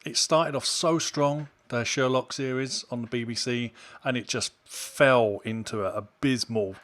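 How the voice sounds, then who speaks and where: A man co-hosting a casual podcast chat, with a voice of middling pitch. He talks in an opinionated, emphatic way and keeps building his points up into exasperated outbursts. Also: fairly even intonation, a little slow, fairly bright tone. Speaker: podcast co-host.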